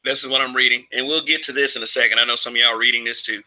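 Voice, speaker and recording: A man's voice: mid-range voice, fairly even intonation, rapid-fire, sharp tone, rough recording. A man from Alabama giving his opinions in a casual vlog monologue, rambling, restarting phrases and chuckling often. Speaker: vlogger.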